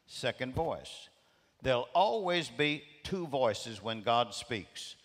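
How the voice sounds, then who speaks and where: A man's voice: medium pitch, very animated, slow, fairly bright tone. An emphatic male preacher delivers a sermon in a mid-range voice, circling back to his key phrases. His words ring through the long reverb of a large church auditorium. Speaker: guest preacher.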